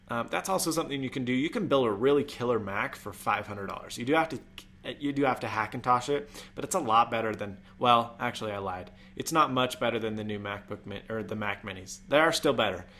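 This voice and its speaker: A man's voice: mid-range voice, fairly quick, fairly bright tone, slight background noise. A young man hosting a casual tech live stream, chatty and rambling, with jokey asides. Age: young adult. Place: home room.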